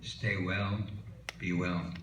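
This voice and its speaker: A man's voice: low voice, flat delivery, drawn-out words, a bit bright, slight background noise. An older man doing a stand-up routine, a rambling, folksy joke teller who leans on "you know" fillers. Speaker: stand-up comic. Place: small comedy club stage. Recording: echoey room from far off.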